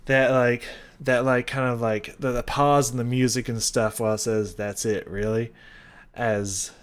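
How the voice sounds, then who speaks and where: A man's voice: medium pitch, level tone, moderate pace, smooth. A man hosting a music reaction, talking loosely with lots of fillers and humming out rhythms as he explains them. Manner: rambling, filler-heavy, scats rhythms aloud. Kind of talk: casual music commentary.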